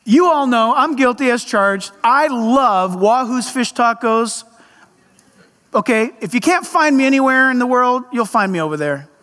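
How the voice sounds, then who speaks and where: In a church sanctuary, a male pastor with a very high, expressive voice delivers a conversational sermon at a measured pace, his tone sharp. He packs it with emphatic rhetorical questions, and the recording carries the long reverb of a large hall.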